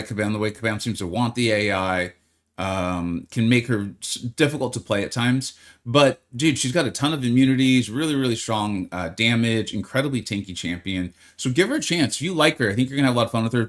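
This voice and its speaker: A man's voice: mid-range voice, a bit bright. Upbeat man streaming a game live. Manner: upbeat, greets chat by name, chatty. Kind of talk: live stream chat with viewers.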